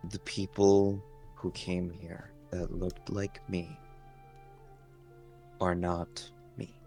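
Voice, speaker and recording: An earnest artificial soldier in a tabletop game, speaking low and softly. The voice sits on the deep side and stays gentle and sincere, as a man plays him. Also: expressive, a little fast, faint music behind. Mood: earnest quiet. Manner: quiet, earnest, softly spoken.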